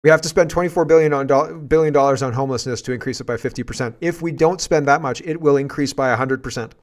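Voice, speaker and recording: A man's voice: a little high, fast talker. A Canadian man hosting casual political commentary, rambling and sarcastic and often laughing.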